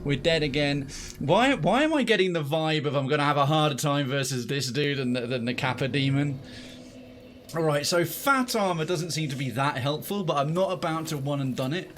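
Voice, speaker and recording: A man giving casual, self-mocking commentary while streaming a game, breaking into excited outbursts. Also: a little high, a little fast, a little hiss or hum.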